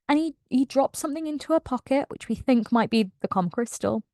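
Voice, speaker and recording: A woman excitedly recapping a novel in a casual, emotional way, laughing often. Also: high voice, fairly quick, hardly any pauses, dry recording, clean studio sound. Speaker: book channel host.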